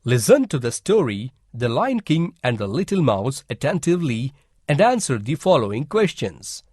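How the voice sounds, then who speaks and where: Guy reading a school lesson slow and careful, kinda husky, dry close voice. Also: medium pitch, big pitch swings, a little mellow, no room sound. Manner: slow and deliberate, instructive. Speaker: teacher narrator. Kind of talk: scripted educational narration.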